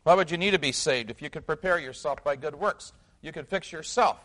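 A pastor delivers his sermon with quiet conviction, his voice sitting a little high for a man. He leans on rhetorical questions and lets his phrases trail down softly before building again. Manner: earnest, asks rhetorical questions, drops to quiet at phrase ends.

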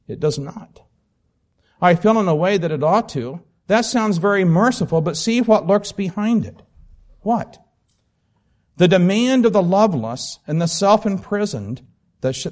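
A man's voice: high-pitched, animated, unhurried, a little mellow, voice pushed up. A man voicing a wise old male teacher in his own plain voice, reading earnestly and steadily.

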